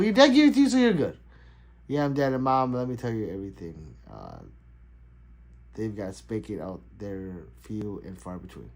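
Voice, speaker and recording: A middle-aged man talks casually on his own livestream from home, answering his viewers and laughing often. His pitch swings widely, rising sharply whenever something catches his attention. The talk is loose and unscripted. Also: darkish tone. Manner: loose, laughing, chatty, reading out chat. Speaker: livestream host.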